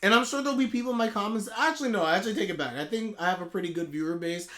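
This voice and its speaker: A man ranting in a live anime reaction, heated and exasperated, with sudden loud outbursts. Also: high voice, rapid-fire.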